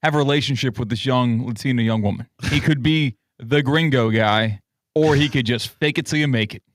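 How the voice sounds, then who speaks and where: A man co-hosting a talk radio show, chiming in with quick questions and jokes. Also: mid-range voice, dry recording, studio quality. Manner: quick joking interjections and follow-up questions. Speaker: radio co-host. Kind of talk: casual talk radio banter. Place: radio studio.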